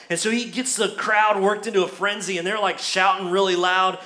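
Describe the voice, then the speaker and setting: Male pastor, sermon, casual storytelling, high voice, echoey church room. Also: brisk, few pauses. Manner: animated, conversational storytelling.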